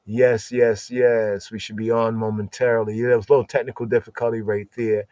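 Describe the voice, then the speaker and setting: A man's voice: on the low side, level tone, brisk, darkish tone, no echo. A man hosting a podcast, teaching scripture with emphatic repetition, using Hebrew words and asking "right?" again and again. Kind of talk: scripture study talk.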